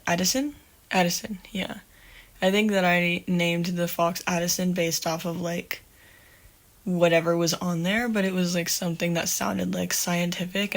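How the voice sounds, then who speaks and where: Rambling woman telling a story casually. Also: fairly low pitch. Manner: rambling, self-correcting, swears freely. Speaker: podcast host.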